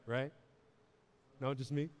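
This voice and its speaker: A man's voice: mid-range voice, steady tone, takes it slowly, darkish tone, long reverb tail. A man preaching a sermon in a conversational way, repeating words and asking the audience questions. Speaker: pastor. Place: church hall.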